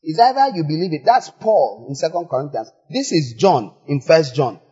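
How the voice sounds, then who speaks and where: A man preaches in a husky voice, his pitch leaping about as he swings from soft asides to sudden loud exclamations. A long church-hall reverb hangs on every phrase, and the sound is slightly dull. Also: lively intonation, normal speed. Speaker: pastor. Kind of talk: sermon.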